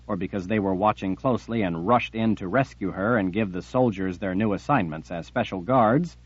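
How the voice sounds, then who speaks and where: A man reading an audiobook in a steady, measured way. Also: fairly low pitch, breathy edge, dry recording, highs cut off. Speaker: audiobook narrator. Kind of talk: audiobook narration.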